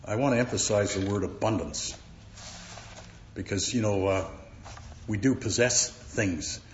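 A man teaching verse by verse from the Bible, halting often with fillers and repeated words. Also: on the low side, slight background noise. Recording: roomy, dull recording.

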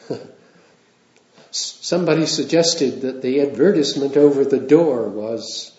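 A man's voice: mid-range voice, unhurried, long pauses, darkish tone. A man preaching a sermon in a conversational way, with wry asides and small chuckles. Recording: roomy, dull lo-fi sound.

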